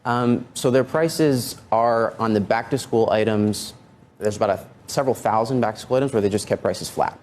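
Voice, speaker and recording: A lower-pitched man speaks as a guest analyst on a news broadcast, calm and measured as he cites figures. Faint room ambience sits behind him. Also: slight background noise. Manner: measured, data-focused. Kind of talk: news interview.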